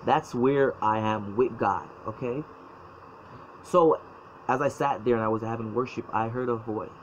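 Halting, emotional man, lo-fi recording. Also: medium pitch. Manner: halting, repeats words, emotional. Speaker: former church member telling his story. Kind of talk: personal testimony. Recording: dull lo-fi sound, faint noise.

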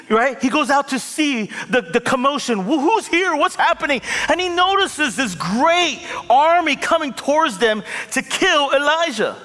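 A man's voice: very high voice, bright, forceful tone. A male pastor preaching a sermon, impassioned and conversational, with a long hall reverb on the voice. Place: large church hall.

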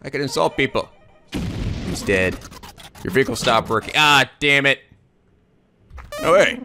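A young man hosting a comedic video game let's play, excitable and profane, breaking into laughter and silly voices. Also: mid-range voice, measured pace, a little hiss or hum.

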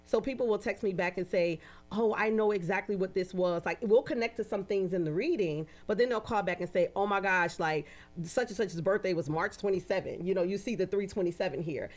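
Rich: A woman guest speaking in a casual interview, with a middle-pitched voice. She tells her stories with animation and acts out each quoted line. She keeps checking in with "you know" and "right?". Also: fairly quick, a little mellow.

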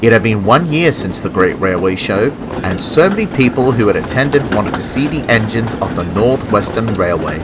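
Man narrating a storybook, expressive. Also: lowish voice, moderate pace, hardly any pauses, noisy background. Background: music.

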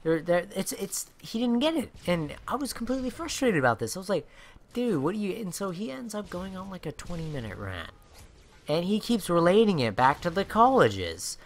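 A man's voice: high voice, very animated, moderate pace. A young man in his late teens, a YouTuber ranting in a rambling way, full of fillers and restarts. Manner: rambling, many fillers and restarts, says "dude". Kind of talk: ranting vlog over gameplay.

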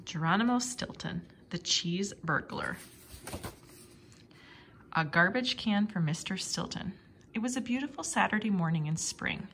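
A woman reading a children's storybook aloud in an expressive, animated way. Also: medium pitch, a little slow, long pauses, slight background noise. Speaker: storybook reader.

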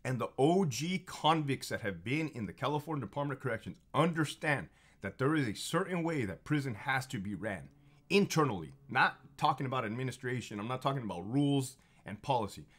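A man's voice: medium pitch, expressive, fairly quick, a bit bright. A man in his thirties, a former prison officer, telling stories in a casual, profane, emphatic monologue that gets heated and confrontational. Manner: profane, emphatic, repeats phrases for effect.

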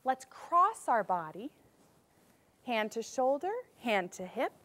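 A young woman guides a children's music class in a high, bouncy voice. Her pitch swoops up and down as she cheerfully calls out warm-ups and prompts for the class to echo back. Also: sing-song, slow pace. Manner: cheerful, leads call-and-response drills. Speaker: music teacher.

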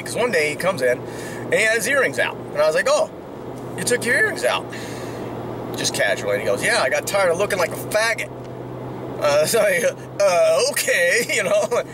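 A man casually telling a rambling story, chuckling and checking in with "right?" as he goes. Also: on the high side. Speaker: vlogger. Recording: distant mic with loud outdoor traffic noise.

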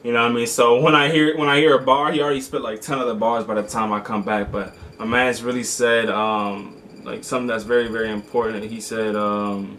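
A man's voice: medium pitch, a little fast, hardly any pauses. A man from the United States reacts to songs in loose, casual talk, calling out "bro" and "man" between thoughts. His voice sits mid-range. Faint room noise hangs behind him. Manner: excitable, says man and bro a lot. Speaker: reaction video host.

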